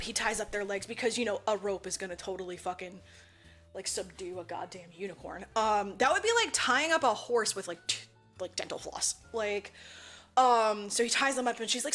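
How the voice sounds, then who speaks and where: A woman's voice: fairly high pitch, a bit bright. A woman co-hosting a podcast, recapping a movie in a rambling, casual way, full of "like" and swearing. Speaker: podcast co-host.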